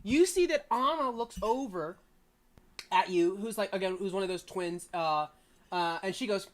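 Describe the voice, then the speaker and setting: A woman's voice: mid-range voice, lively intonation, normal speed. A woman narrating as the game master of a tabletop game, casual and rambling with many fillers and restarts.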